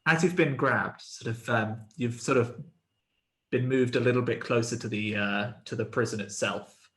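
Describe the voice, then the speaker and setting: A man narrates a tabletop game as its game master, feeling his way through each sentence. He pauses and restarts often, filling gaps with ums. His voice sits at an ordinary middle pitch for a man. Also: fairly bright tone, reverberant. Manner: hesitant, full of ums and restarts.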